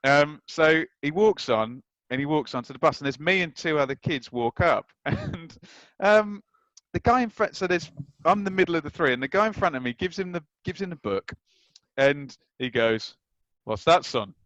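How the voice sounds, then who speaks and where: Lively man telling stories, dry sound. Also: fairly high pitch, moderate pace, no echo, dull audio. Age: 30s. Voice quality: lively storyteller who acts out scenes. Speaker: guest. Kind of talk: anecdotal chat.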